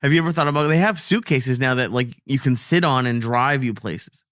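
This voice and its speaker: A man's voice: medium pitch, brisk, fairly bright tone, dry recording, clean studio sound. A man co-hosting a casual chat, laughing often and asking short questions. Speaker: co-host.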